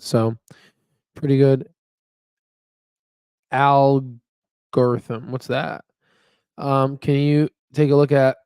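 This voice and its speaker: A chatty, upbeat man talks off the cuff on a live stream. His voice sits in an ordinary middle pitch, and he rambles through fillers and asides. The sound is dry and close, with no room echo. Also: darkish tone, clear, resonant tone. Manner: rambling, filler-heavy, with frequent "you know what I mean". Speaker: stock market channel host. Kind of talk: casual live-stream chat.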